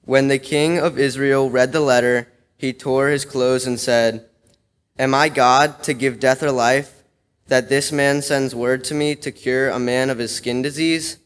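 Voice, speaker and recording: A man's voice: mid-range voice, steady tone, measured pace, clean tone. Man reading scripture in a resonant church. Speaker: scripture reader. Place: church sanctuary. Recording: long reverb of a church sanctuary.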